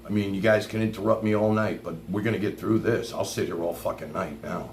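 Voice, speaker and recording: A man's voice: sits low, steady tone, fairly quick, a little hiss or hum. A man hosting a livestream, delivering an angry, profane rant. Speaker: livestream host. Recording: echoey room.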